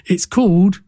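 A man co-hosting a casual film podcast, reading out trivia in a relaxed way with small restarts. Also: no echo. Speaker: podcast co-host.

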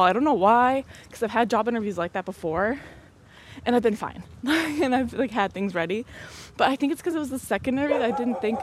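A woman's voice: on the high side, fairly quick, a little hiss or hum. A young woman in her twenties hosting a podcast in a rambling casual chat, laughing often and a bit out of breath. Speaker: podcast host.

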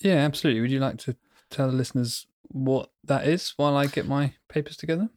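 A man's voice: medium pitch, fast talker, darkish tone, no room sound. Male podcast co-host, casual and self-mocking, dry recording. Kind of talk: casual chat.

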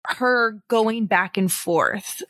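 Co-hosting a podcast, a woman casually reviews a movie, sprinkling in many "like" fillers and poking fun playfully. She speaks very slowly in a mid-range, slightly bright voice, captured in a dry, studio-quality recording.

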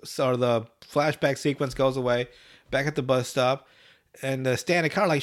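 A man's voice: mid-range voice, moderate pace. A man hosting a podcast, retelling a cartoon episode in casual chat, swearing freely and laughing as he goes, speaking right into a close microphone. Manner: animated storytelling, swears often, laughs a lot. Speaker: podcast host. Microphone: close mic, breathing into it.

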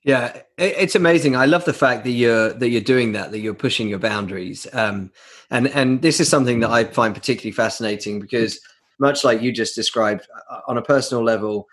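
A man's voice: mid-range voice, fairly quick, fairly bright tone. A man hosting an interview who responds enthusiastically and relates the guest's story to his own experience. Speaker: interviewer, host. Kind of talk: casual interview talk.

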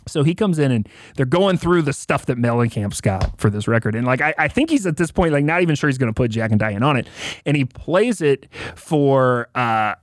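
A man's voice: mid-range voice, brisk, no echo. A man talking casually as a podcast guest, telling music history stories with lots of fillers and restarts. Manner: animated storyteller, fillers and restarts.

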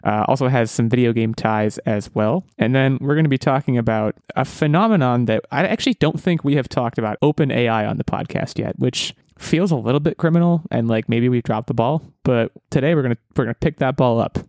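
A man's voice: mid-range voice, brisk, hardly any pauses, a little mellow, dry recording. 30s guy hosting a podcast, chatty, jokes at himself, restarts a lot, dry close sound. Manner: chatty, self-deprecating, rambling restarts. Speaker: podcast host. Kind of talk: casual podcast chat.

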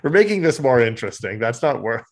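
A man's voice: medium pitch, sing-song, quick pace. A man co-hosting a podcast, casually recapping a comic and acting out the characters' lines in silly voices. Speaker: podcast co-host.

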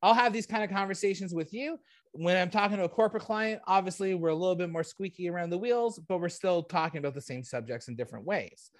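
A man's voice: sits high, fast, no room sound, clean studio sound. A man from Canada in his forties, a comedian talking candidly in a casual interview, rambling with lots of fillers and asking "right?" often. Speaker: comedian guest.

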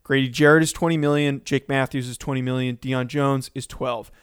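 A man co-hosting a sports podcast who lays out his case in a measured way and keeps the talk on track. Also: medium pitch, fairly even intonation, clear, resonant tone, dry recording, studio quality. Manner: measured, steers the talk, restarts often. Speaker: podcast co-host.

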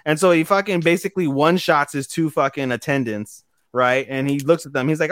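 This young podcast co-host, medium-pitched with a fairly bright tone, casually recaps an anime episode. He rambles, swears, and briefly acts out character lines in quick voices.

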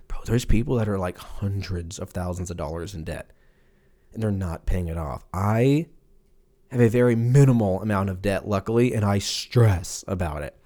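A man's voice: low-pitched, normal speed, warm tone. A man hosting a podcast, riffing profanely in a loose, rambling comic monologue and acting out silly voices for imagined people. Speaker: podcast host. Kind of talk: casual comedic podcast monologue.

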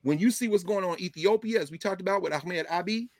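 A man's voice: sits high, quick pace, no echo, clean studio sound. A man hosting casual political commentary, talking emphatically with folksy asides.

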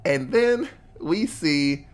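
A man in his thirties chatting casually about movies, animated and profane, jumping into character voices. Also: extremely slow. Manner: animated, profane, acts out characters with big pitch jumps. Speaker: podcast co-host. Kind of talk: casual movie review chat.

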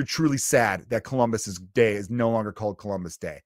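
A man's voice: fairly low pitch, fairly quick, no echo, clean studio sound. A man delivering a profane, sarcastic comedic rant as a podcast host, mocking people and swearing constantly.

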